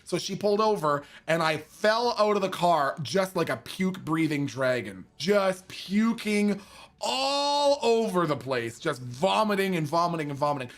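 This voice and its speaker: A man casually telling a funny story, animated and laughing often, swearing freely and acting out drunken quotes in a raised voice. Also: high-pitched, unhurried.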